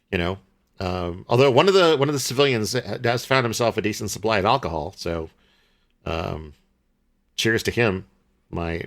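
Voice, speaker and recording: Man, low voice, bright tone, casual podcast co-host, rambling, lots of fillers. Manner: rambling, many fillers and restarts. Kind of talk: casual film review chat.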